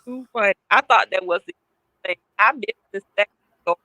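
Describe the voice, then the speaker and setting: A woman's voice: medium pitch, moderate pace, bright, forceful tone, dry recording. A woman from Georgia calling into a livestream chat as a guest, teasing and gossipy. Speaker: call-in guest.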